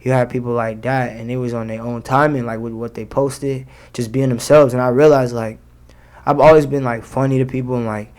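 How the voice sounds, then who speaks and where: A man's voice: medium pitch, fairly even intonation, brisk, darkish tone, smooth. A young man, a rapper, talking casually in an interview, full of slang and fillers. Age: young adult. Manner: slangy, loose, many fillers. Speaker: rapper guest.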